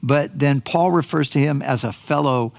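Male pastor delivering a sermon, gravelly voice, mid-pitched, unhurried and repetitive. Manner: unhurried, repeats words at restarts.

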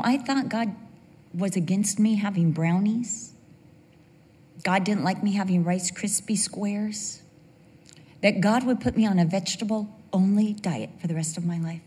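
At a church gathering, an older woman with a mid-range voice preaches a sermon built around a personal story. She tells it in an animated way, acting out the voices of the people in it. The hall is reverberant.

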